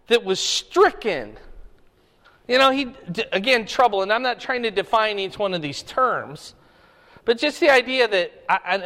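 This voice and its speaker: A man's voice: sits high, fairly bright tone. A man preaching a sermon, reading scripture and explaining it conversationally, often checking in with "okay?". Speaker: pastor. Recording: echoey hall.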